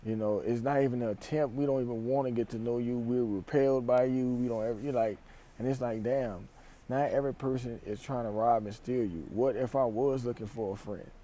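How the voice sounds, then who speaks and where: Animated Louisiana man vlogging in a store. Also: mid-range voice, fairly quick. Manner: animated, emphatic, repeats phrases, speaks in slang. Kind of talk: casual vlog monologue. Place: store aisle, indoors.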